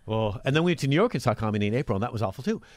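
A man who is a comedian, guesting on a radio show and telling stories in animated banter. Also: medium pitch, very fast, noisy background. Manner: animated storyteller, jumps into silly voices.

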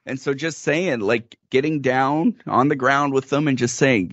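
A young man, father of small children, explaining a practical tip in a relaxed casual chat. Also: medium pitch, unhurried, hardly any pauses, no echo, highs cut off.

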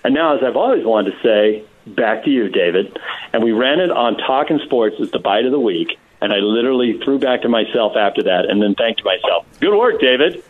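Animated man telling a story by phone. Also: fairly low pitch, a little fast. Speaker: radio show guest on phone. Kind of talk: casual storytelling. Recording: tinny phone line.

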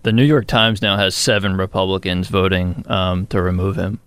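A man co-hosting live talk radio, relaxed, reading out news updates. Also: low-pitched, moderate pace, clear, resonant tone, no echo. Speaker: radio show co-host.

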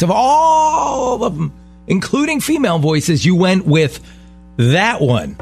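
A middle-aged man co-hosting a radio show, chatting in an animated, joking way. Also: very high-pitched, unhurried, husky, soft background music. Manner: animated, joking, mock-jealous. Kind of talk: casual radio banter.

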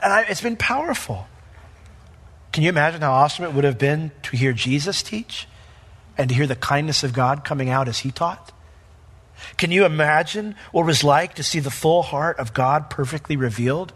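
A male pastor preaching a sermon in an animated, conversational way, acting out the quotes. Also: a little high, long reverb tail.

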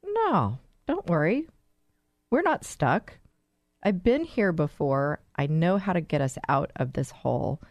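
A woman doing a calm, reassuring coach. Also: deep voice, normal speed, creaky, hardly any pauses, dry recording, lo-fi sound, exaggerated voice. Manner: reassuring, upbeat. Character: calm confident divorce coach in a story.

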